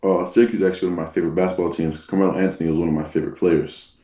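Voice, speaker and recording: A young man with a very low, dark, mellow voice talks easily as a football player guest. He sounds like he is on a remote call, set back from the mic in an echoey room. He speaks in a relaxed way, with frequent ums and nahs. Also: very fast. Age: young adult. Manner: laid-back, uses fillers like um and nah. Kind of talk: casual interview chat. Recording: echoey, distant call audio.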